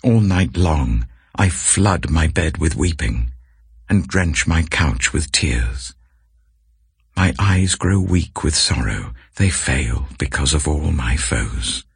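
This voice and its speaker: A man with an extremely deep, gravelly voice reads scripture slowly and solemnly. His tone is husky and breathy, and his pitch rises and falls with feeling. The sound is dry and close, with no room around it. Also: expressive, no echo. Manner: measured, grave delivery. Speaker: scripture reader. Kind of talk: slow solemn Bible reading.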